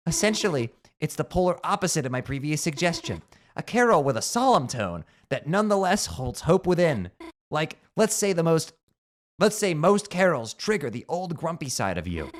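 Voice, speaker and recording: A man reading game dialogue aloud during a playthrough, swinging between loud outbursts and low mutters.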